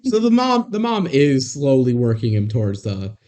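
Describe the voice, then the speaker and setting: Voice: mid-range voice, sing-song, moderate pace, darkish tone. A podcast co-host making dry, wry asides during a casual movie recap chat.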